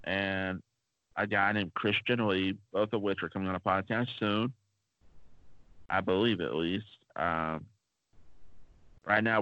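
A man with a lowish voice tells long, wandering stories on a casual podcast, filling pauses with plenty of ums and uhs. The sound is dull and lo-fi, close and dry with no room around it. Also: no room sound. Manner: rambling, chatty, many fillers. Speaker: podcast co-host.

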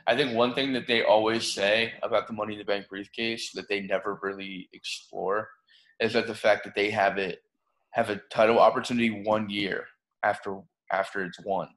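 A man's voice: lowish voice, fairly even intonation, moderate pace, a bit bright. A young man co-hosting a podcast, easygoing in casual chat, steering the talk. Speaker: podcast co-host. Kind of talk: casual chat about pro wrestling.

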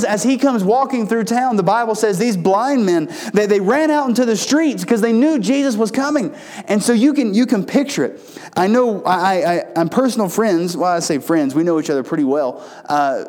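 A man's voice: high voice, moderate pace, a little mellow. Folksy storytelling preacher man. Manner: folksy storytelling, frequent restarts, rising emphasis. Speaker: pastor. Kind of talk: sermon.

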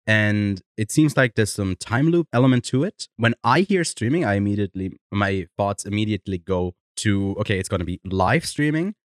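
A man with a low, deep voice hosts a podcast in a loose, chatty way and laughs easily as he talks. The sound is dry and close, with hardly any room around it. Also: dry recording. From Switzerland. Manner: chatty, laughs often, swears casually. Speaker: podcast host. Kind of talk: casual chat.

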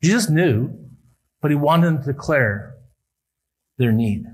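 A male pastor preaching a sermon at a church service, building emphatic appeals that rise and then drop quietly. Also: a little high, animated, unhurried, husky, low-quality recording.

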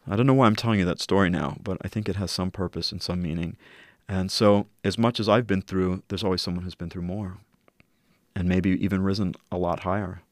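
A middle-aged man telling a personal story in an earnest, reflective way, slowing down at key moments. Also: low-pitched, fairly even intonation, no echo, clean studio sound. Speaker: interview guest.

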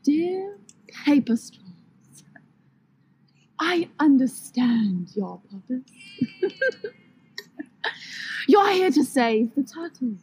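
A woman's voice: high-pitched, sing-song, extremely slow, long pauses, a little mellow, voice pushed up, exaggerated voice, low-quality recording. A woman doing a giggly mock complainer. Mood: mock complaint. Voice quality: giggly, hesitant. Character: exasperated young woman writing a polite complaint. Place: outdoors in a park, on a grassy slope.

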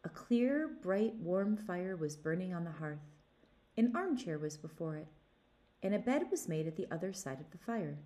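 A woman reading a fairy tale aloud to children in an expressive storytelling manner. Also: on the low side, moderate pace.

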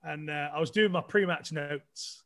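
Chatty high-voiced man. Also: moderate pace, fairly bright tone. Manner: chatty, self-deprecating, many restarts. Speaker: guest. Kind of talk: casual storytelling.

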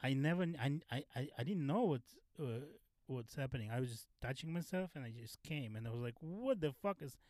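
A man who is a podcast guest, telling personal stories in casual chat, halting and restarting often. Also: mid-range voice, expressive, darkish tone, no echo. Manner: halting, many fillers and restarts, frank.

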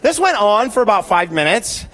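A high-pitched man in his forties delivers a sermon from the pulpit. He talks in a lively, joking way, often restarting his sentences as he tells stories about himself. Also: normal speed. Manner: animated, joking storytelling with frequent restarts. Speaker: pastor.

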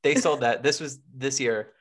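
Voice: medium pitch, fairly even intonation, normal speed, breathy edge. A podcast co-host chatting casually, laughing often while they talk. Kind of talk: casual chat.

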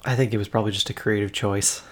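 A young man in casual podcast conversation, relaxed and agreeable, laughing easily. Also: lowish voice, quick pace. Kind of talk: casual chat.

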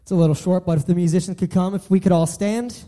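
A man's voice: high voice, fairly even intonation, fast talker, warm tone. A young man giving an earnest sermon, often restarting and repeating his phrases. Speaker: preacher.

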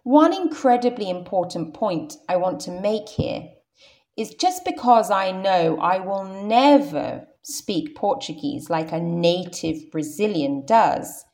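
British rp lady teacher, slow and careful, bit of vocal fry. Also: mid-range voice, expressive, a little mellow. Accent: modern RP British English. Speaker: English teacher. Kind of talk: scripted podcast lesson.

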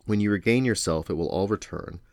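A man's voice: lowish voice, fairly quick, no room sound, clean studio sound, close to an everyday voice. A man reading aloud as a practical older woman cook who talks mildly and in a matter-of-fact way. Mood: gentle.

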